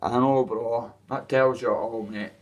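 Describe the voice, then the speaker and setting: Ranting casually to camera, a boxer from Dundee, Scotland, rambles coarsely about his boxing and swears a lot in his Dundee Scottish accent. He speaks unhurriedly in a medium-pitched, steady voice picked up by a distant microphone.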